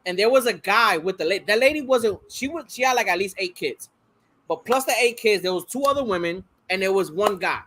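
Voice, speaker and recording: A man with a high voice co-hosts a casual podcast chat. He talks in animated, profane street slang and swears freely. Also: fairly quick. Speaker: podcast co-host.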